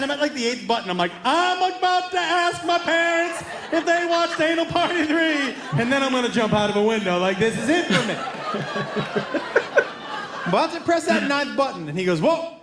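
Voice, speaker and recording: High, lively stand-up comedian. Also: male voice, a little fast, pauses often, noisy background. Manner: acts out dialogue, drops voice low for his son. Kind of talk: stand-up storytelling. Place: comedy stage before a live audience. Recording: echoey club with crowd laughter. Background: audience laughter.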